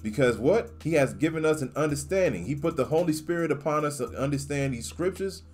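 A man's voice: a little high, expressive, brisk, a little mellow, faint music behind. A man reading scripture aloud and commenting on it with emphatic, slangy asides, often tacking "man" onto his points. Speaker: scripture teacher.

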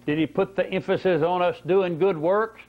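Here the preacher's voice is high-pitched, with a steady tone and a normal speed. He delivers a Bible-study sermon full of folksy stories and rhetorical questions, captured on dull lo-fi tape.

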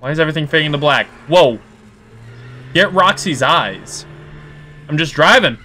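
A man hosting a horror game playthrough, talking casually and reacting loudly, yelping at scares and grumbling when frustrated. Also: medium pitch, moderate pace, slight background noise. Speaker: gaming video host. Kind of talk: let's play commentary.

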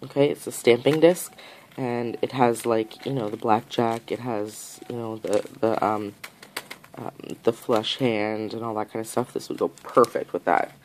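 A woman's voice: extremely low pitch, fairly even intonation, unhurried, darkish tone, a little hiss or hum, rough recording. A woman vlogger chatting casually through a haul on camera, gushing over each item and repeating her praise. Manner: talks straight to the camera and the sender. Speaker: nail art vlogger. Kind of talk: casual haul unboxing chat.

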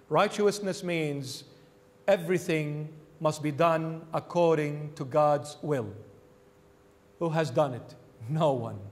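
A man, a bishop, preaching a sermon emphatically, repeating key phrases and dropping suddenly to a hush. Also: fairly high pitch, in a large hall.

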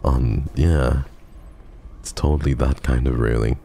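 A man's voice: rumbling low, fairly even intonation, a little slow, creaky, warm tone, soft background music. A man streaming a game, bantering with his chat in a teasing, profane, mock-menacing way. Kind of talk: casual gaming stream chat.

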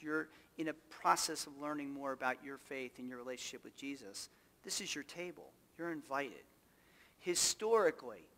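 A man's voice: on the high side, fairly bright tone, long reverb tail. A male pastor delivering a sermon, emphatic and full of rhetorical questions to the congregation. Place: church sanctuary.

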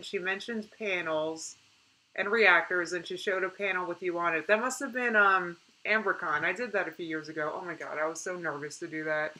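A young woman chatting casually on a live stream, reading out viewer comments in an animated way and laughing often. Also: mid-range voice, poor audio.

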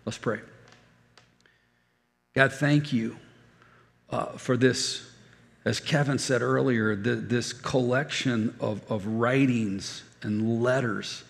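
An older male pastor delivers a sermon, weaving personal stories into repeated, emphatic phrases. His voice has a gravelly edge at a middling pitch. The sound carries a long reverb from a large church hall.

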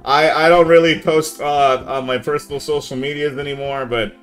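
A young man chatting casually on a live gaming stream, laid-back and saying "man" a lot, yelling now and then at the game. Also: on the high side, steady tone, moderate pace, soft background music.

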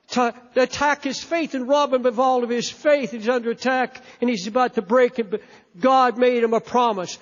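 A man preaching a sermon, impassioned and emphatic, often repeating words as he presses a point. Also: very high-pitched. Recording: echoey hall, dull lo-fi sound.

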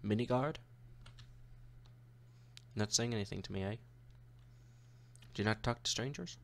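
Gravelly young man playing a game. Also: lowish voice, fairly quick, a bit bright. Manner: chatty, jokey, talks to game characters. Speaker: gaming YouTuber. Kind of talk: let's-play commentary.

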